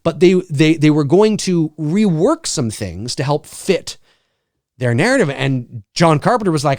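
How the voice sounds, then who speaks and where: A man's voice: a little high, very animated, moderate pace, no echo, clean studio sound. A man hosting a casual live stream, rambling and swearing, laughing often and acting out scenes. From Canada. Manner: rambling, profane, laughs often, acts out scenes with shouted voices.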